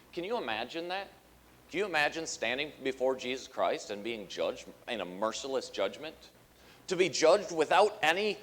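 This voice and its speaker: A man's voice: on the high side, a bit bright, big-room sound. A man preaching a sermon as pastor, talking conversationally with many fillers and acting out the quotes he tells. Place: church sanctuary.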